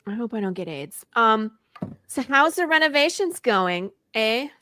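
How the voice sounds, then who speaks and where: A woman's voice: on the high side, sing-song, measured pace, bright, forceful tone, heavily acted. A woman playing an entitled, bossy rich woman who hosts a comedy sketch show, talking in a whiny, demanding way. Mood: bratty. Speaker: host.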